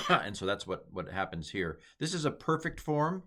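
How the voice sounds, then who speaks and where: A man's voice: medium pitch, big pitch swings, normal speed, pushed and bright. A middle-aged man giving a casual, chatty Bible Hebrew lesson, with playful asides and small jokes. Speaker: teacher.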